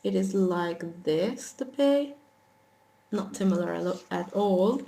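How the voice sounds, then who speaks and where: A woman with an Arabic accent teaching letters slowly and patiently, talking as she writes and correcting small slips. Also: mid-range voice, lively intonation, gravelly, dark tone. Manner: patient, talks while writing, small self-corrections. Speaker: language teacher. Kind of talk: slow whiteboard alphabet lesson. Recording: echoey room with faint noise.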